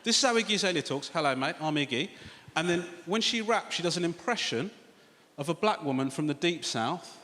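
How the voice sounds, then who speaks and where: A man's voice: sits high, animated, a little fast, bright, forceful tone. A British man doing a sardonic, sweary stand-up comedy set, talking straight to the crowd from a large theatre stage. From Britain. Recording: reverberant theatre with audience noise.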